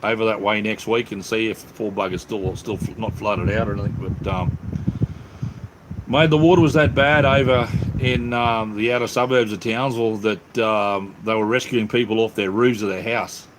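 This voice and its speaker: A man's voice: lowish voice, fairly even intonation, moderate pace, noisy background. An Australian man hosting a casual live chat from his workshop, easygoing and calling everyone mate. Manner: laid-back, calls everyone mate. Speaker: livestream host. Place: home workshop.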